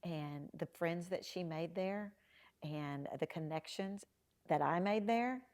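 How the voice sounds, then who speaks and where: A middle-aged woman, a podcast guest telling lively stories and acting out the voices of the people in them. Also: fairly low pitch, slow. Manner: animated storyteller, acting out quoted dialogue. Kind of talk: storytelling in a casual interview.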